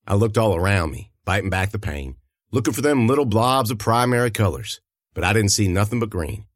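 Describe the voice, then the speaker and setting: A man's voice: on the low side, no echo, clean studio sound. A man narrating a first-person fiction story in a folksy, rural storytelling manner.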